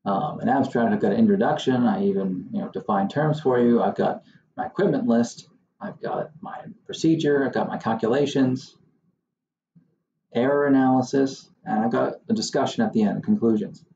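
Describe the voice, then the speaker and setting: A man's voice: mid-range voice, normal speed, gravelly, reverberant, highs cut off, noisy background. A man who hosts his own channel as a surveyor, talking casually to the camera in a wry, exasperated way. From Southern Maine. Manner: wry, exasperated, mocking impressions of others.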